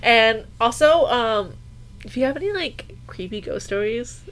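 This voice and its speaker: A woman's voice: on the high side, lively intonation, unhurried, fairly bright tone. A woman co-hosting a podcast in casual chat, talking bluntly and emphatically with plenty of swearing. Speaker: podcast co-host.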